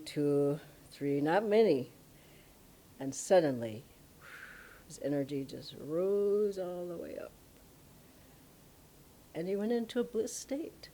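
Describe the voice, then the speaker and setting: Woman spiritual teacher, low-pitched, animated storyteller at a satsang. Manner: animated, emphatic storytelling, laughs often. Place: ashram satsang hall.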